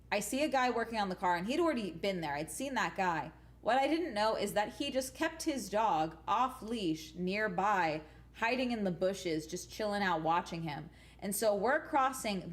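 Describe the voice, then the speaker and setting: A woman livestreaming from home, telling rambling stories to her chat in a casual, profane, emphatic way and tagging sentences with "okay?". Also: medium pitch. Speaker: livestream host chatting with viewers.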